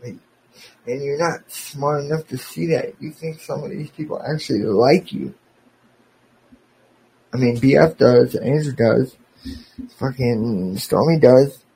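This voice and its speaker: A man's voice: medium pitch, unhurried, vocal fry, long pauses, warm tone, slight background noise, poor audio. A man hosting a podcast, delivering an angry, profane, sarcastic rant aimed at a former friend.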